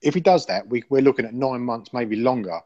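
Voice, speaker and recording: A man's voice: medium pitch, lively intonation, a little fast, a little mellow, no echo. A man hosting a casual podcast panel chat, rambling and opinionated and swearing freely. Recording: dull lo-fi sound.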